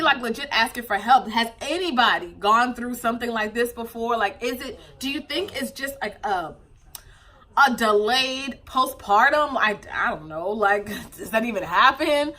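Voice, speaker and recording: A young woman talks to her camera in a casual confessional vlog, speaking in with a bright, forceful tone. Her voice sits a bit high, and her talk is candid and emotional, full of fillers. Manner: emotional, tearful at times, candid, lots of fillers. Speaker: vlogger, new mother.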